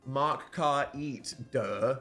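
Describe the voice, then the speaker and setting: A man playing a party game with a friend, exasperated and swearing, breaking into loud shrieks and laughter. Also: medium pitch, drawn-out words, faint music behind. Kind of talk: casual banter, shouty and laughing.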